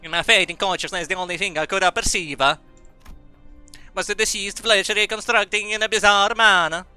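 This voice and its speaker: Bright high-voiced male streamer reading aloud. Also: fairly even intonation, fairly quick, smooth, faint music behind. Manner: stumbling read-aloud with silly asides. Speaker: game streamer.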